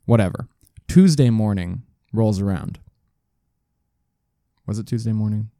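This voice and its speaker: Low, mellow-voiced man telling a rambling story. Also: a little slow, dry recording, studio quality. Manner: rambling, profane, self-correcting. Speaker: podcast host telling a story. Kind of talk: casual storytelling chat. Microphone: studio desk mic.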